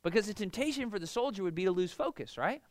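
A man's voice: high-pitched, lively intonation, quick pace, no echo, studio quality. A man in his thirties preaching a casual sermon, talking in a conversational way, often asking "why?" and "right?". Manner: conversational, lots of "like" and "right?", rhetorical questions. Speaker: pastor.

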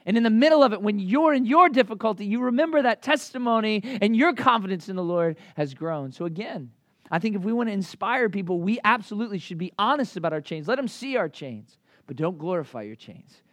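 A man in his thirties preaching a sermon in a casual, lively way, full of fillers and asides. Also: sits high, a little fast, no room sound. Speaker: pastor.

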